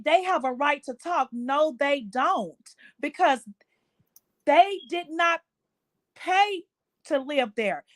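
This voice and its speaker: A woman's voice: sits high, slow. A woman hosting a late-night live chat, venting with emphatic, indignant talk and lots of repetition. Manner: indignant, emphatic, repeats herself. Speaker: livestream host. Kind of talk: casual commentary chat.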